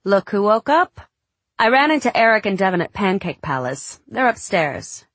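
Woman doing a pushy gossipy neighbor lady, loud and gushing, storybook read. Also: medium pitch, sing-song, normal speed, dry recording, voice pushed up.

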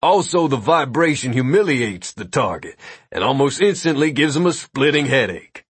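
A man's voice: mid-range voice, sing-song, normal speed, slightly rough, dry recording. A man voicing a smug, mischievous male wizard who lectures and teases. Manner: lecturing, teasing.

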